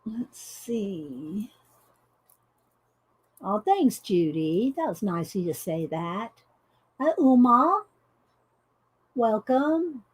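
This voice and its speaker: A woman's voice: medium pitch, sing-song, very slow, pauses often, slightly rough. A middle-aged woman, hosting a casual coloring livestream, chatty and laughing often as she greets viewers. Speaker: livestream host demonstrating coloring.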